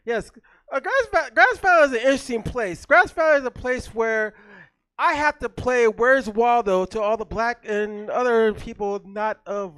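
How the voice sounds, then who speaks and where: A man hosting a comedy show on a theater stage, loud and hyped, working the crowd with animated banter into a stage mic. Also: sits high, no room sound.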